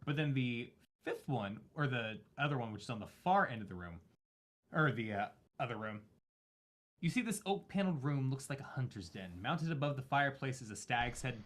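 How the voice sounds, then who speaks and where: A man narrating a tabletop horror game as game master, halting and full of fillers and self-corrections. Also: medium pitch, a bit bright.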